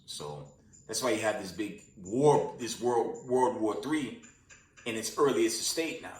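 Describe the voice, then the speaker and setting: A man's voice: on the low side, expressive, takes it slowly, darkish tone, far from the mic. A tired man hosting casual news commentary with prophecy talk, rambling with many fillers and restarts. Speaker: host of a news commentary channel. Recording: roomy sound, away from the mic.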